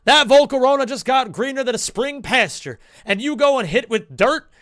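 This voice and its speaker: A man's voice: very high voice, lively intonation, normal speed, fairly bright tone, voice pushed up. A man doing a cartoon impression of a blustering old southern rooster with a put-on drawl, long open vowels and a stammering "I say", lecturing someone with odd comparisons. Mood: blustering scolding. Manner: lecturing, calls people stupid with odd comparisons.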